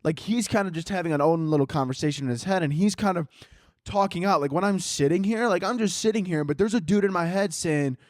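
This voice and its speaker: Here a podcast host with a high voice talks fast, riffing solo on tangents in a loose, joking, profane style. He holds his microphone in hand, and the audio has studio quality with no room sound.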